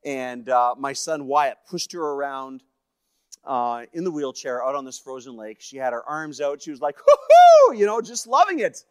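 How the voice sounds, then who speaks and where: Delivering a storytelling sermon as a guest speaker, a man from Canada recounts a personal experience and voices its characters, shifting from hushed to lively. His smooth, medium-pitched voice keeps a normal speed, recorded cleanly in a studio with no room sound.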